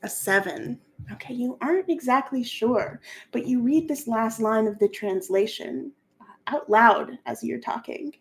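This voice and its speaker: A woman's voice: a little high, measured pace, gravelly, a little hiss or hum. A woman as game master, narrating a tabletop role-playing game in a playful, descriptive way. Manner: playful, descriptive, laughs often.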